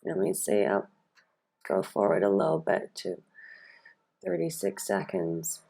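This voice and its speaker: A woman's voice: very deep voice, big pitch swings, unhurried, gravelly, warm tone. A woman coach analysing a speech in a video, chatting and thinking aloud with fillers and restarts, and stressing key words. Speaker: speaking and storytelling coach.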